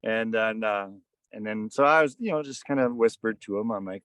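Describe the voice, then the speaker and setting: A man's voice: lowish voice, brisk, fairly bright tone, clear, resonant tone, no echo. A man in his thirties or forties, a podcast guest, telling a casual story in a rambling way full of "kinda" and "like.". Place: on a fishing boat.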